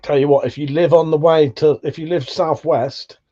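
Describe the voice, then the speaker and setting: A man's voice: a little high, steady tone, moderate pace, dark tone, highs cut off. A man hosting a livestream, reading viewer messages aloud and bantering with lots of swearing and jokes. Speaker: livestream host. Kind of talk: casual live chat reading viewer messages.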